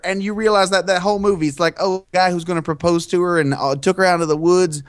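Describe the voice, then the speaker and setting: Brief: animated, profane male podcast co-host, slightly high pitch, dry mic. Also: quick pace, few pauses, clean tone, no echo. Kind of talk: casual podcast chat.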